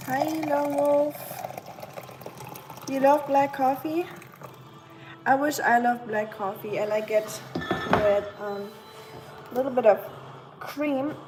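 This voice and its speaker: A woman with a German accent hosting a casual livestream at home, chatting with viewers, answering the chat and filling pauses with "um.". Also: high voice, steady tone, background noise. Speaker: livestream host.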